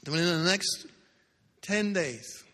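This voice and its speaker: A man preaching a sermon, telling a story with dramatic swings between loud bursts and hushed low lines. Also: animated, slow pace. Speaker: pastor. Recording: long hall reverb.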